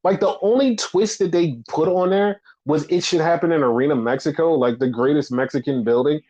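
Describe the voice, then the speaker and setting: A man co-hosting a casual podcast, animated and profane, acting out quoted voices as he retells stories. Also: on the high side, a little fast. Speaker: podcast co-host. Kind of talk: casual wrestling podcast chat. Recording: muffled lo-fi audio.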